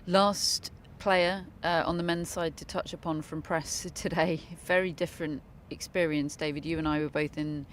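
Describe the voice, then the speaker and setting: A podcast co-host in a casual discussion, asking quick, engaged follow-up questions. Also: medium pitch, fairly even intonation, fairly bright tone. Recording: faint background noise.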